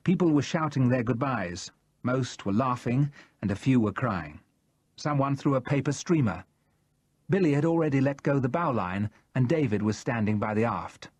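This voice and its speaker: Husky, expressive male audiobook narrator. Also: medium pitch, normal speed, no echo. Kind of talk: first-person audiobook narration.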